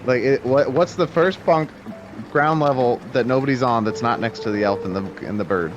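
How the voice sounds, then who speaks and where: Casting: a casual, rambling tabletop player on a dull lo-fi mic. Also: male voice, medium pitch, moderate pace, noisy background. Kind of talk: casual tabletop game chat.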